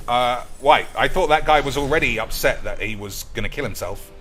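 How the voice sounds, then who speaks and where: A man's voice: medium pitch, animated, moderate pace, a bit bright, soft background music. A man streaming a card game, ranting with sarcastic, profane commentary. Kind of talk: gameplay commentary.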